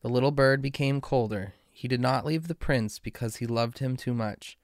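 A man reading a fairy tale aloud in a slow, measured way. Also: mid-range voice, dry recording, clean studio sound. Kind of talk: storybook reading.

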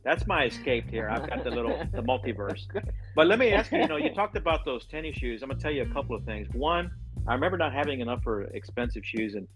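Fast-talking, jokey male podcast host. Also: mid-range voice, very animated, fairly bright tone, soft background music, rough recording. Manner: jokey, storytelling. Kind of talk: casual chat.

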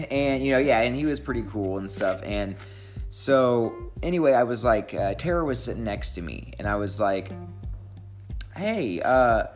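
A woman telling a story in a casual chat, rambling and getting animated as she acts out the scenes. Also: very deep voice, unhurried, soft background music. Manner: rambling, animated when acting out scenes, laughing.

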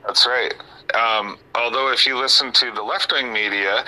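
A man from Canada co-hosting a political talk broadcast, chatting in a wry, conversational way. His voice sits a little low yet sounds strikingly bright and sharp, with a radio broadcast quality. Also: normal speed, low-quality recording. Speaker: podcast co-host.

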